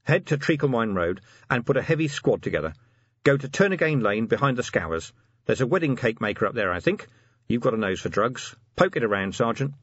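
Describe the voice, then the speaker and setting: A man voicing a gruff, harried male city watch commander who gives curt orders. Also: mid-range voice, very animated, brisk, dry recording, muffled recording.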